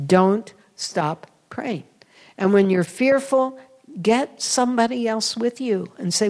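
In a sermon-style personal story, a woman gives a spiritual talk with an earnest, intimate delivery, sometimes falling to a whisper for emphasis. Her voice is fairly high, slow and a little mellow. The audio quality is poor.

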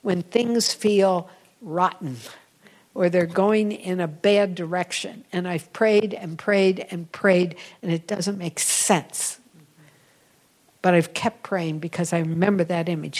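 A woman's voice: lowish voice, steady tone, slow pace, a little mellow, low-quality recording. A woman giving a spiritual talk in an earnest, intimate storytelling manner, now and then dropping to a whisper for emphasis. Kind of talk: sermon-style personal storytelling.

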